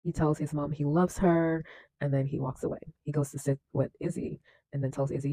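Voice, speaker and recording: A man's voice: a little high, steady tone, brisk, warm tone, no echo, low-quality recording. A man recapping and commenting on a film in a casual, chatty way, laughing often and leaning on fillers. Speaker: film reaction host.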